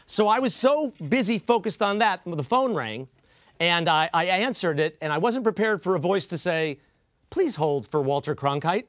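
A man's voice: high voice, animated, moderate pace, fairly bright tone, no echo, clean studio sound. A man hosting a comedy news show, delivering a wry, joking monologue and quoting others with mock emphasis. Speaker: host.

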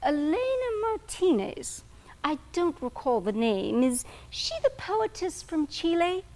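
A woman voicing a pompous, distinguished male college professor with an affected British accent, lecturing in a lofty, rapid way. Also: sits high, big pitch swings, a little mellow, exaggerated voice. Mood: dismissive.

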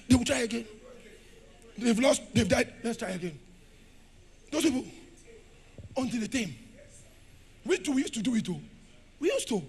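A middle-aged Nigerian pastor preaching a fiery sermon in a church, shouting, laughing and firing questions at the congregation. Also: male voice, high-pitched, husky.

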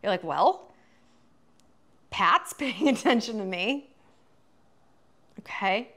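Woman host, 30s, casual profane commentary, bright and animated delivery. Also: mid-range voice, takes it slowly. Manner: chatty, profane, animated, lots of fillers.

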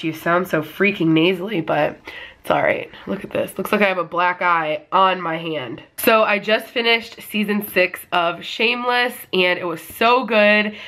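A woman's voice: lowish voice, bright, forceful tone. A young woman with a nasal voice, chatting casually to camera at home in a rambling vlog. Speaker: vlogger. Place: at home, indoors.

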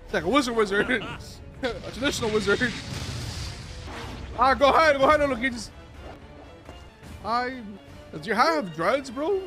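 A man reacting live to an anime episode, excitable and cursing, yelling at the screen and laughing often. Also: very high-pitched, unhurried, pauses often, faint music behind.

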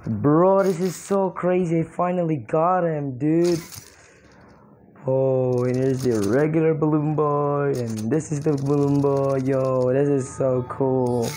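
Young woman, low voice, unhurried delivery, excitable game commentary, frequent exclamations. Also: slight background noise. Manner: excitable, exclaiming, laughs often. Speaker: mobile game player.

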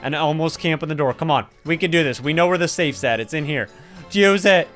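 A young man giving excited game commentary, talking to his viewers and swinging from muttering to yelling. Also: a little high, fast talker. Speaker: gaming YouTuber. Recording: faint game music behind.

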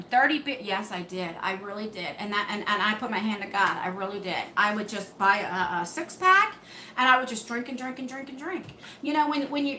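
A woman's voice: on the high side, pushed and bright, roomy sound, slight background noise, rough recording. A woman, hosting a live beauty stream from home and answering viewers' comments in a chatty way. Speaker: beauty channel host. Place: home room under hot lights.

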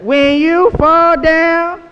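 A man voicing a loving old grandmother, stretching each word out very slowly in an echoey hall. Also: extremely high pitch, flat delivery, pitched above the performer's own voice, full character voice. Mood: coaxing. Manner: very slow, drawn-out words. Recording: echoey hall, dull sound, hiss.

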